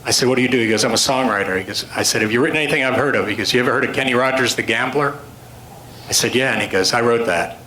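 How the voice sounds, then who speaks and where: A man's voice: mid-range voice, a bit bright, slight background noise. Man telling jokes to a club. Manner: dry, self-deprecating joke delivery, rambling asides. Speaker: storyteller and author giving a talk. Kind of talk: humorous storytelling speech. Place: club meeting room with an audience. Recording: roomy hall sound with faint ambience. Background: audience laughter.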